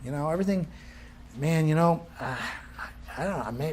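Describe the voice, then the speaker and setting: Male instructor teaching a live class, lively pitch, keeps asking the room questions. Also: fast, pauses often. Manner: quizzing the class with questions, animated.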